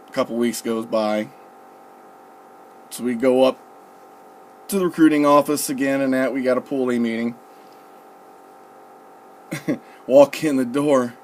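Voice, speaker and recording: A young man casually telling a story, profane and relaxed, quoting people with "I'm like" and "he goes.". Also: medium pitch, slight background noise. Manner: profane, laid-back, quotes others with "I'm like" and "he goes". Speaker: storyteller recalling his recruit days.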